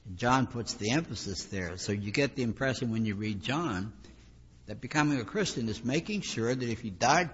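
A man's voice: on the low side, a bit bright, slightly rough. A man preaching a sermon in a conversational, emphatic way, repeating phrases for weight, recorded with a dull, lo-fi sound in a reverberant hall.

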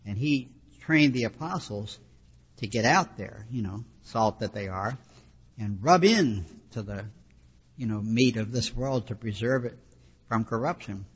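A man's voice: lowish voice, expressive, unhurried, breathy edge. A man preaching a sermon, explaining scripture in a conversational teaching way with frequent asides. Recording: dull lo-fi recording with long hall reverb.

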